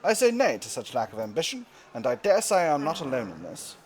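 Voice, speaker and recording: A man's voice: on the high side, huge pitch swings, quick pace, slight background noise. A man voicing a pompous British event narrator in a put-on British accent, declaiming game text. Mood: rousing.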